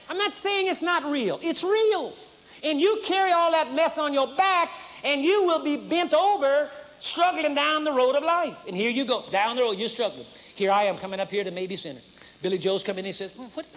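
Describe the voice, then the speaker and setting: High-voiced preaching man, playful and emphatic. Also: a bit bright. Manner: preaching with humor and acted-out demonstration. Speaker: pastor. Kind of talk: sermon. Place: large conference hall. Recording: faint noise, 1980s conference recording.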